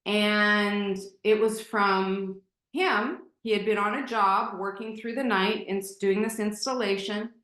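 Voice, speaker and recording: Slow-talking woman in an echoey room. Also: medium pitch, fairly even intonation, fairly bright tone. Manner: candid, emotional, many fillers and restarts. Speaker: podcast guest. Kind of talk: personal storytelling in conversation. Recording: roomy echo.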